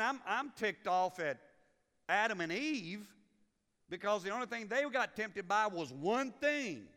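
A man preaching with a high, bright voice that carries through a long-reverb church hall. He teases his congregation in a folksy way and acts out quotes as he goes. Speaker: pastor. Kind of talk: sermon. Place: church sanctuary.

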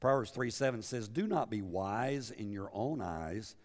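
A man's voice: on the low side, lively intonation, a little slow. A middle-aged man preaching a sermon in a conversational way, asking his listeners questions and often restarting his words. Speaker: pastor. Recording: reverberant hall.

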